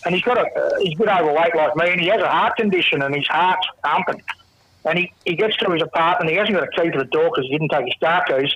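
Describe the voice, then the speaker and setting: A man's voice: a little high, fast talker, fairly bright tone. An Australian man calling in, telling a joke in a laid-back, rambling way. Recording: muffled phone line.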